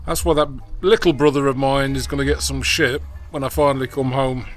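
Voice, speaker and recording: A man's voice: mid-range voice, steady tone, a little fast. An older man from England, a former soldier, chatting casually and bluntly in a garden, swearing freely. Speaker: vlogger, ex-soldier. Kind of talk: casual chat. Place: garden, outdoors. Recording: faint music in the background.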